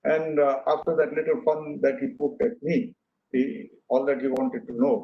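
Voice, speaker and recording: A man's voice: mid-range voice, level tone, moderate pace, a little hiss or hum. An older man giving an earnest, anecdotal talk to an audience, with frequent fillers and restarts. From India. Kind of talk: speech to an audience. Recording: echoey hall, dull lo-fi sound.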